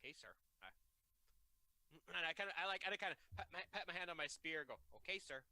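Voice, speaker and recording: A bright, clear voice belonging to a player in a tabletop role-playing game. The player describes their character's actions and speaks for the character in a dry, matter-of-fact tone. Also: medium pitch, fast, no echo.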